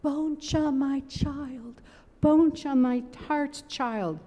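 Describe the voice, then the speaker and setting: A woman reading aloud and voicing a loving, tender male judge of heaven who speaks gently and earnestly. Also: a little high, lively intonation, measured pace. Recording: long reverb of a large sanctuary.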